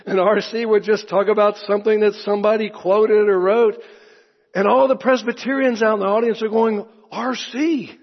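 Male pastor, fairly high husky voice, relaxed sermon delivery with chuckling asides, echoey church hall, dull recording. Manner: conversational, anecdotal, chuckling asides.

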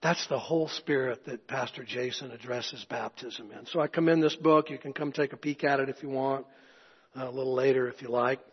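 Husky-voiced pastor preaching in an echoey hall. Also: male voice, mid-range voice, steady tone, brisk. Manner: conversational, anecdotal, chuckling asides. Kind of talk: sermon. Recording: echoey hall, dull lo-fi sound.

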